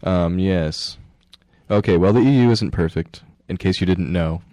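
A man's voice: low voice, a little slow, mellow, dry recording. A man co-hosting a radio show, joking and laughing as he reads out news stories. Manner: jokey, laughs often, reads news items aloud. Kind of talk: casual radio banter.

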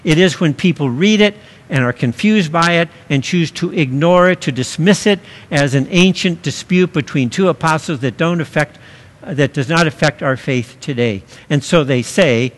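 A man preaching a sermon, slow and deliberate, pausing to stress key words. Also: fairly high pitch, animated, in a large hall. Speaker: pastor.

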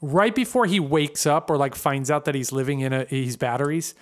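A man's voice: a little high, a little fast. A young man co-hosting a podcast, telling a rambling story in casual chat and acting out the voices of the people in it. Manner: rambling, animated, acts out voices in his story. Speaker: podcast co-host.

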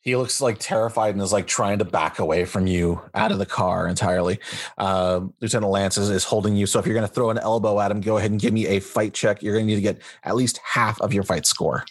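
Low-voiced man running a tabletop game. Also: steady tone, quick pace, dry recording, studio quality. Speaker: game master.

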